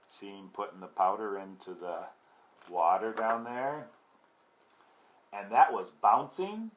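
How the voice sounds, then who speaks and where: Male storybook reader, relaxed, chatty asides; slow pace, muffled lo-fi sound. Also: on the low side. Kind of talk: reading a children's book aloud. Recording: dull lo-fi recording.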